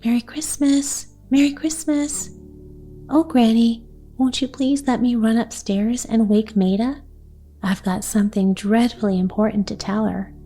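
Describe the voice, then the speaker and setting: A woman reading the part of an excitable little girl in a storybook, eager and breathless. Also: on the high side, moderate pace, soft background music. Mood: excited.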